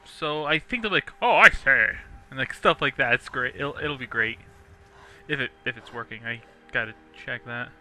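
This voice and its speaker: A young man casually rambling through gameplay commentary, chatty and quick to laugh. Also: mid-range voice, bright, forceful tone, faint music behind. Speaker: let's play host.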